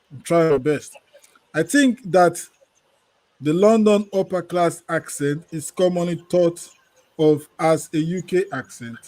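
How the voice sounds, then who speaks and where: A man hosts a podcast and chats through listener comments in a relaxed, friendly way. His voice is high for a man, and he takes his time over every phrase. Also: low-quality recording. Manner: relaxed, chatty, laughs while reading names. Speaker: podcast host. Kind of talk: casual podcast chat reading comments.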